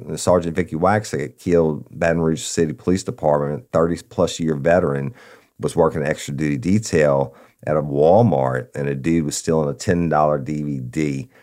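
A former police officer hosting a podcast, telling a crime story in a blunt, profane, emphatic way. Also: male voice, rumbling low, a little mellow. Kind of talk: casual true-crime storytelling.

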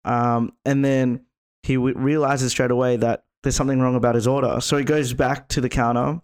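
A man's voice: mid-range voice, level tone, moderate pace, a little mellow, smooth. A young adult man, telling a rambling story on a casual podcast. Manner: rambling, lots of fillers.

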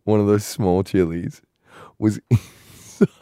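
A man's voice: lowish voice, fairly even intonation, takes it slowly, warm tone, no echo, clean studio sound. A man co-hosting a podcast, telling a long story in casual chat and acting out his friends' voices as he goes. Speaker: podcast co-host.

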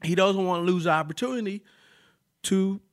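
A man spins a story in relaxed conversation, his voice sitting a bit high and recorded close and dry. He talks in an animated, loose way, full of filler words and drops into quoted voices. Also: normal speed, no echo. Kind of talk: casual chat.

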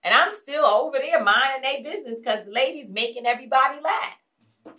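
A woman hosting a casual talk show, telling a story with animated delivery, acting out other people's lines and swearing bluntly. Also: sits high, brisk. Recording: voice a bit distant from the mic.

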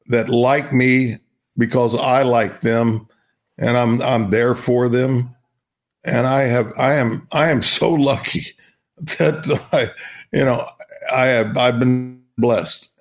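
Older male interview guest, gravelly, rambling storyteller, from Oklahoma. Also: mid-range voice. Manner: rambling, repeats himself, laughs while talking. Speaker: guest, retired baseball star.

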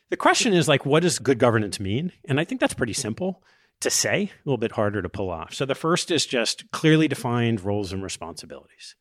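A middle-aged man hosting a podcast, explaining ideas in a lively conversational way with quoted asides. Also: medium pitch, no echo, clean studio sound. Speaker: podcast host interviewing investors.

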